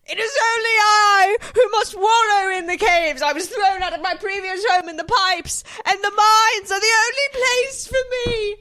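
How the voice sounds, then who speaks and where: A woman's voice: very high voice, steady tone, moderate pace, hardly any pauses, bright, forceful tone, pitched above the performer's own voice. A woman voicing a melodramatic little man who wallows in a mine, speaking in a theatrical, grandiose wail.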